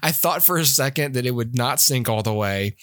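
Brief: man co-hosting a movie podcast, rambly, quick to laugh, mid pitch, dry mic. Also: expressive, a bit bright, dry recording. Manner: rambling, laughing, acts out reactions. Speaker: podcast co-host. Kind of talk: casual film-review chat.

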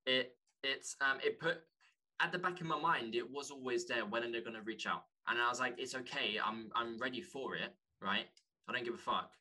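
Earnest man, bright voice. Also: medium pitch. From London, England. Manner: earnest, halting, restarts often. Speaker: podcast guest, author. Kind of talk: candid conversation.

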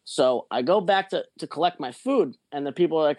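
A man's voice: a little high, expressive, brisk, a little mellow, dry recording. A man telling a rambling, profane story in a casual podcast chat. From not from Jersey or Pennsylvania.

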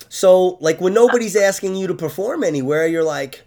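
A man's voice: sits high, big pitch swings, a little fast, noisy background. A man hosting a casual podcast, joking crudely and laughing often. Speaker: podcast host. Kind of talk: casual comedic banter.

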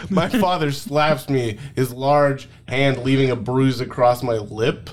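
A man's voice: mid-range voice, unhurried. A man reading fan fiction aloud as a comedy podcast co-host, often cracking up and trying silly voices. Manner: reads aloud, breaks into laughter, tries silly voices.

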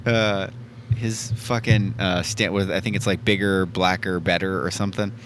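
A man's voice: low voice, steady tone, moderate pace, a bit bright, slight background noise. A man co-hosting a podcast in casual chat, rambling along with frequent ums and casual swearing. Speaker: podcast co-host.

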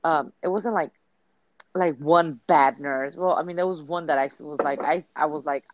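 A woman with a blunt, profane, animated way of telling a story in casual chat. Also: low-pitched, normal speed, dry recording, muffled recording.

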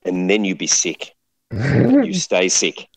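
A man's voice: low-pitched, huge pitch swings, takes it slowly, vocal fry, breathy edge, no room sound, heavily acted, low-quality recording. A man voicing a dive boat crewman giving a safety briefing in an Indian accent, with sing-song, dramatic warnings.

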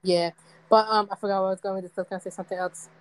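A woman's voice: medium pitch, level tone, racing, smooth, poor audio. A young woman in casual chat, rambling and laughing often as she tells stories.

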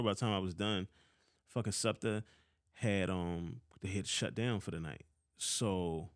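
Recorded dry and at studio quality, a man in his thirties with a Philadelphia accent and a voice on the low side tells a casual vlog story about a past boss. He's heated and profane throughout, swearing often.

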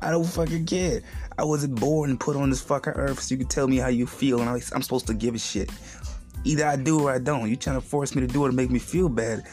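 A man hosting a podcast, telling a story in a blunt, profane and animated way, loudly mocking the people he quotes. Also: medium pitch, fast, soft background music. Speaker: podcast host. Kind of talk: casual profane monologue.

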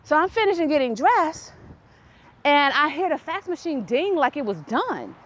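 A woman hosting her own podcast, telling a casual story in an animated way, laughing and reenacting dialogue with growing exasperation. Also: high-pitched, moderate pace. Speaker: podcast host.

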